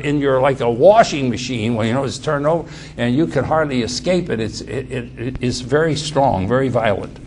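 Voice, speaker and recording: Guy preaching a bible sermon, kinda high voice, keeps repeating and restarting lines, emphatic, faint hiss. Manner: repetitive, restarts phrases, emphatic.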